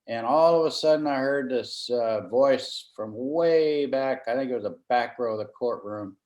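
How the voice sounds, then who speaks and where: A man's voice: mid-range voice, moderate pace. Man telling a courtroom story, echoing room. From Florida. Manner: relaxed anecdotal storyteller, quotes himself often. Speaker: trial lawyer and former county judge. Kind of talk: storytelling in a conversational interview. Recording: roomy echo.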